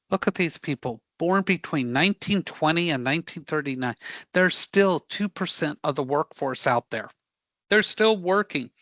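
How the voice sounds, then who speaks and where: A man teaching a live career prep class, animated and joking as he quizzes the students. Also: a little high, dry recording. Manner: animated, joking, audience-engaging.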